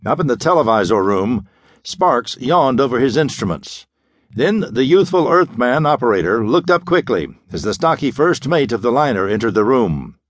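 A man's voice: medium pitch, sing-song, moderate pace, dry recording. A man narrating a classic pulp sci-fi audiobook in a dramatic, vivid storytelling manner.

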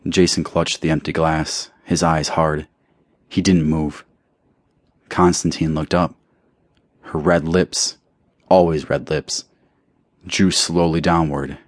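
Man, very deep voice, audiobook narration, measured reading, dry close mic. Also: little pitch movement, no echo. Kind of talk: scripted narration. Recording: dry close studio recording.

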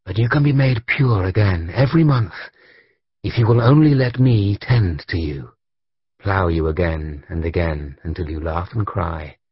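A man narrating an audiobook in the first person, with a husky voice and an expressive delivery. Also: sits low, moderate pace, dry recording, highs cut off.

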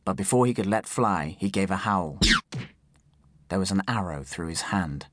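A man narrating an audiobook in clear, measured storytelling. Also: sits low, no room sound, studio quality. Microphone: studio microphone.

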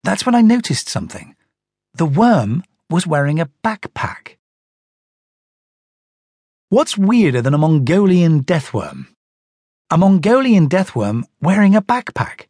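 A man narrating a children's audiobook in an animated storytelling manner. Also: fairly high pitch, measured pace, long pauses, breathy edge, dry recording, clean studio sound.

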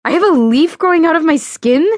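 A woman voicing a young heroine who speaks in an alarmed, urgent, snappish way, higher than her narration. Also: moderate pace, no echo, clean studio sound, natural voice. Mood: panicked.

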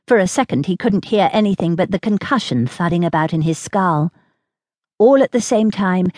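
A woman narrating a historical romance audiobook in a steady, measured storytelling manner, recorded close in a studio. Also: mid-range voice, no echo.

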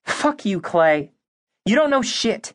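A man voicing a fiery, guarded young woman with a sharp, sarcastic edge in an audiobook. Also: on the high side, big pitch swings, normal speed, no room sound, clean studio sound, voice pushed up. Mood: angry.

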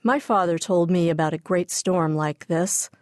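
A woman reading the part of a calm, reassuring father in a storybook. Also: on the low side, moderate pace, no room sound, studio quality, natural voice.

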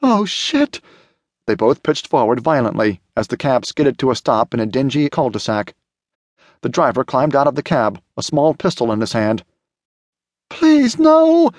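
A man narrating a thriller audiobook in a steady, measured way. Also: mid-range voice, no echo, studio quality. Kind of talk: scripted narration.

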